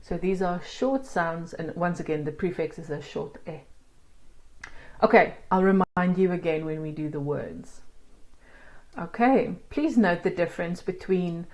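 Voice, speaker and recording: A woman's voice: lowish voice, measured pace, a little mellow. A woman teaching an online language lesson, explaining step by step in a patient, encouraging way. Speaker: Afrikaans teacher.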